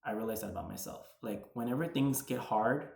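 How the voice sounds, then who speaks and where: A man in his thirties from the New York area speaks fairly quickly in a medium-pitched, gravelly voice with a darkish tone. On his chatty vlog he tells a personal story, using "like" often and replaying dialogue. The recording has roomy echo.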